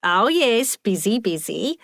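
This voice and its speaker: A woman voicing a loud, bossy elderly woman who likes to correct others. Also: medium pitch, big pitch swings, takes it slowly, creaky, no room sound, studio quality, heavily acted. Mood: boisterous.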